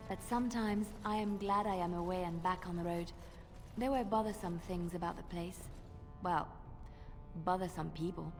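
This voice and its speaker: An actress voicing a devout, earnest young woman in a video game, talking in a reflective, quietly defiant way. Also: medium pitch, big-room sound, natural voice.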